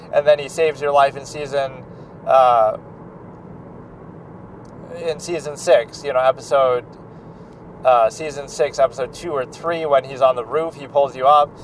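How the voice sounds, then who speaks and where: A man's voice: fairly high pitch, slight background noise, low-quality recording. A man giving casual, opinionated reaction commentary on a TV series, rambling with lots of fillers. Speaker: show commentator.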